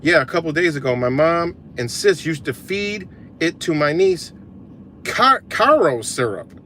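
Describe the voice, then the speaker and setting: Speaking at a moderate pace in a fairly high voice, a livestream host rants with plenty of cursing amid slight background noise. He's animated throughout and keeps responding to what viewers write.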